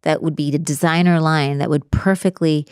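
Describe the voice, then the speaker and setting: A woman speaking as a relationship coach in a casual podcast conversation, animated and acting out the voices she quotes. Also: sits low, moderate pace, clean tone, no echo, clean studio sound.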